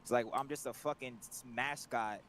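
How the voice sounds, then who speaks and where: A man's voice: mid-range voice, normal speed, a loud crowd. Agitated, profane male coach. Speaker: team coach at a live event. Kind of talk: casual podcast chat.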